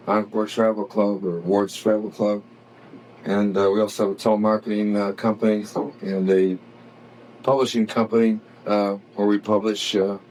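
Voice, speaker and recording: Low-voiced hesitant man. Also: a little mellow, slight background noise, rough recording. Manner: hesitant, many fillers. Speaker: seminar attendee. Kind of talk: self-introduction.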